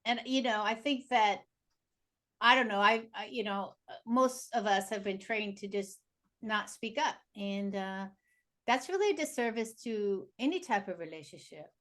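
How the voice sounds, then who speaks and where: A woman guest in a casual interview, telling stories in a lively way and acting out the dialogue. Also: mid-range voice, moderate pace. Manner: animated, acts out dialogue in her stories. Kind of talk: casual conversational storytelling.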